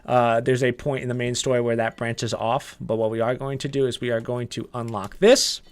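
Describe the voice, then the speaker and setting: A young man giving casual gameplay walkthrough commentary, relaxed and chatty, with frequent "uh" and "um" as he explains each step. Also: mid-range voice, normal speed, clear, resonant tone. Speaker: gaming guide creator.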